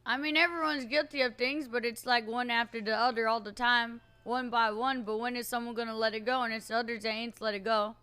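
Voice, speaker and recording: A woman plays a stubborn frontier woman in a western roleplay game, high-pitched and bright. She drawls in folksy rural grammar and teases. She is blunt and nosy. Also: steady tone, a little fast, few pauses, clear, resonant tone. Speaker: roleplay player.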